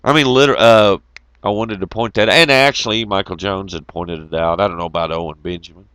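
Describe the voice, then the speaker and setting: A man's voice: fairly low pitch, steady tone, brisk, a bit bright, clear, resonant tone, dry recording. A middle-aged man hosting an online talk show, ranting heatedly with lots of swearing and mocking asides. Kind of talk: profane ranting monologue.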